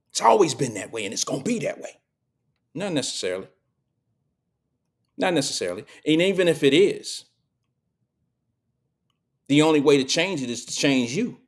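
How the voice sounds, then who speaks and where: A middle-aged man hosting a live show, telling stories and preaching in a casual, slangy monologue to his audience. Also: mid-range voice.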